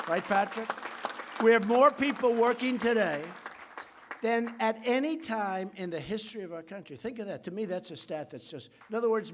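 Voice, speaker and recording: A man with a fairly high voice delivers an off-the-cuff political speech into a podium mic. He rambles, circles back and repeats himself, dropping boastful asides. A faint crowd murmurs behind him in a big conference hall. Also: a bit bright, a little hiss or hum. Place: large conference hall with audience.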